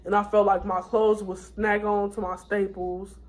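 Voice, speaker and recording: A woman's voice: medium pitch, level tone, moderate pace. A tired young woman vlogging, telling her story in a candid, rambling way with many fillers and restarts. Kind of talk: casual storytime vlog.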